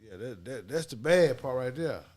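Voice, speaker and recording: A man's voice: medium pitch, lively intonation, normal speed, darkish tone. A man co-hosting a casual discussion, talking frankly and often saying "you know what I'm saying". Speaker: podcast co-host.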